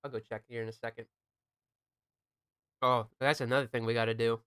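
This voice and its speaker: A man's voice: medium pitch, flat delivery, a little fast, a bit bright, smooth, no room sound, studio quality. A young man chatting casually while streaming a game, laid-back, joking and swearing often. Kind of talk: casual chat while gaming.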